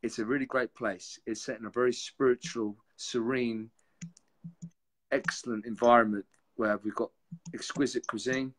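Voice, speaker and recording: A man's voice: mid-range voice, fairly even intonation, moderate pace, fairly bright tone. Earnest man in casual chat. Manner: earnest, rambling. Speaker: co-host.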